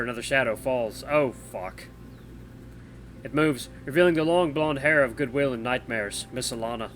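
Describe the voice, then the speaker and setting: A man reading and playing a story game aloud, expressive and thinking aloud between choices. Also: mid-range voice. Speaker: gameplay narrator.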